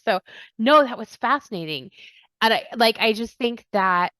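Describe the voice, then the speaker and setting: A woman's voice: fairly high pitch, lively intonation, moderate pace, pushed and bright, dry recording. Bubbly podcast host, woman, Texan voice with English coloring, chatty and rambling, dry close sound. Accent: American with an English tinge from years in England. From Texas, USA. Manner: bubbly, rambling, laughs often. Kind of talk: casual interview chat.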